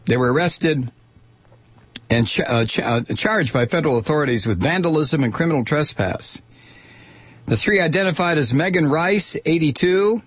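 A man's voice: fairly high pitch, slightly rough, no echo. A middle-aged man hosting a talk radio show, reading out a news story and mocking it with sardonic asides and laughter, close to a studio mic.

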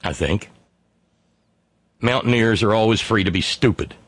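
This podcast host, a middle-aged man from West Virginia, has a lowish, slightly bright voice with a breathy edge and speaks at a measured pace. He reads listener emails aloud in a sardonic, profane monologue on his casual talk show. There's no echo.

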